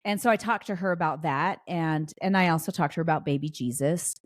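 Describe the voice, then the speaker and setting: A woman with a notably low, deep voice tells a story, casual and chatty. She backtracks often, dropping fillers as she goes. The sound is dry and close, with no room around it. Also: a little fast, no room sound. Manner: chatty, with frequent restarts and fillers. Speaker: podcast host.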